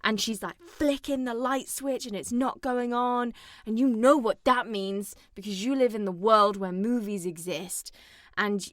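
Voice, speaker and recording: This young podcast co-host speaks in an unhurried voice on the high side, recorded dry and at studio quality. She talks about a film in a lively, casual way, retelling scenes dramatically and cursing occasionally.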